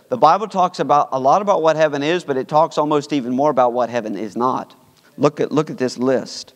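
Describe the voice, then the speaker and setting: A male pastor preaching a sermon, reading scripture and leading a prayer in solemn, measured phrases, slowing for emphasis. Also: on the high side, fairly bright tone. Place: church sanctuary. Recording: long hall reverb of a church sanctuary.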